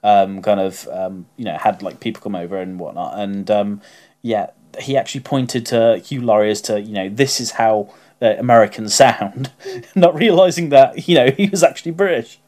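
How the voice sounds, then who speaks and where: A man's voice: fairly low pitch, moderate pace, dark tone. A man co-hosting a podcast, chatting casually and hesitantly with many fillers. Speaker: podcast co-host. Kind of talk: casual chat.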